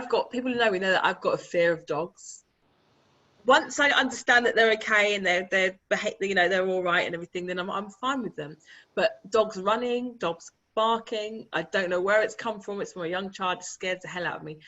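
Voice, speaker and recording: Brief: woman, interview guest, animated and chatty storyteller, mid-pitched, slightly muffled remote audio. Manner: animated, laughing, chatty anecdotes. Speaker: guest, author and publisher. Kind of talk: casual conversational storytelling.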